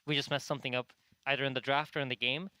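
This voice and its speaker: A man's voice: medium pitch, flat delivery, racing, sharp tone, clean tone, no echo, rough recording. A man giving confident strategy analysis on a live esports panel.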